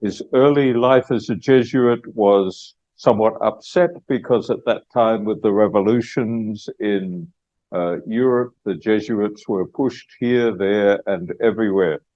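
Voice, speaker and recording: Australian man, public lecture, slow and halting, lowish voice, dull lo-fi sound. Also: darkish tone. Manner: unhurried, many hesitations. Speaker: guest speaker, lawyer.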